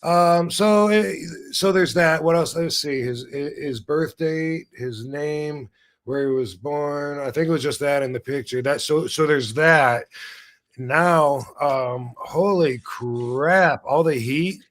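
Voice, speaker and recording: A middle-aged man hosting a casual livestream chat, talking bluntly and rambling through animated stories. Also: fairly high pitch, slow pace. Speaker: podcast host. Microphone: video call.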